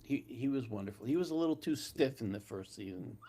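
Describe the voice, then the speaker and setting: A man's voice: medium pitch, animated, fairly quick, a little mellow, a little hiss or hum. Blunt, storytelling middle-aged man. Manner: storytelling, blunt, hesitant fillers. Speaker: co-host, film producer. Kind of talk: casual live Q&A chat.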